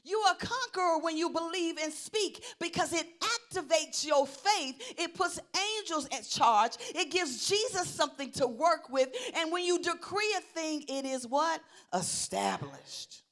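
A middle-aged woman pastor preaching a sermon, swinging from loud declarations to low, quiet asides and calling out for responses. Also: moderate pace, few pauses.

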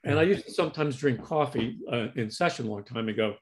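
A man hosting an interview with a fellow psychotherapist, speaking haltingly and searching for words over a video call. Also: medium pitch, animated. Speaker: host and psychotherapist. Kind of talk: conversational interview.

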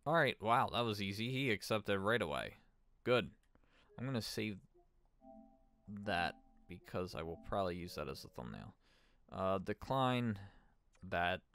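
A man's voice: fairly low pitch, sing-song, moderate pace, fairly bright tone, no room sound, studio quality. A man giving casual gameplay commentary as a streamer, thinking aloud and chatting with his viewers. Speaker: gaming streamer.

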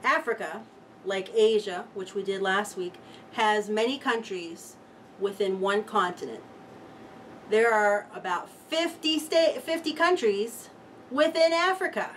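A woman's voice: medium pitch, a little slow, a little hiss or hum. A woman teaching a children's music lesson, playful and cheerful, chanting rhymes for young listeners.

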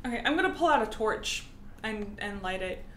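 A woman's voice: medium pitch, animated, brisk. Hesitant woman playing a tabletop game. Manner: hesitant, many ums. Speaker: player. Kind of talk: casual tabletop play. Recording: echoey room, faint noise.

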